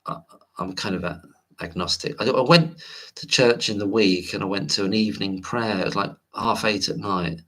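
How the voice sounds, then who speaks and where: A man's voice: fairly low pitch, moderate pace, a bit bright. A man hosting a late-night livestream, rambling casually and reading viewer comments aloud. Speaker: livestream host.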